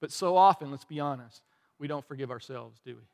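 A man's voice: a little high, brisk, a little mellow. A male pastor preaching a conversational sermon, candid and self-deprecating, with frequent restarts.

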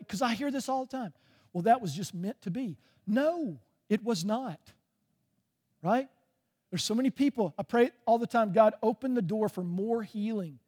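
A man's voice: very high voice, a little mellow. A man preaching a sermon as pastor, conversational, often checking in with "right?".

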